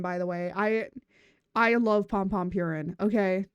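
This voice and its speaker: A woman streamer chatting casually from a room at home, giggly and rambling, often tripping over her own words. Her voice sits at an ordinary pitch. The sound is dry and close, with little room in it. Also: a little slow, smooth, no room sound, muffled recording. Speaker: VTuber streamer.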